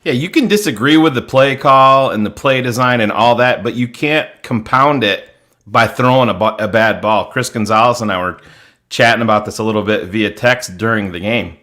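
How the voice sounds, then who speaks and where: A man's voice: medium pitch, normal speed, bright, forceful tone. A man co-hosting a live post-game show, giving casual, reasoned analysis over a video call. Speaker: co-host.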